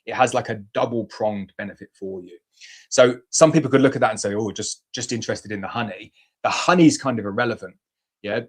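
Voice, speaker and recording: A man hosts a casual live question-and-answer show. He talks in a blunt, chatty way and acts out playful mock examples. His voice sits at an ordinary middle pitch. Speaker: beekeeping show host answering viewer questions.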